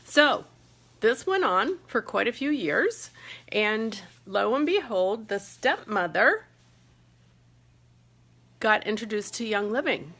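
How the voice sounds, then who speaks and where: A woman vlogs from a hotel room, her phone held close as she chats and tells a story. Her voice is bright and a little tense, with a gravelly edge at the ends of her phrases. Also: medium pitch, slow, long pauses. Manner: chatty, animated when telling the story. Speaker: vlogger. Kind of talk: casual storytelling to camera.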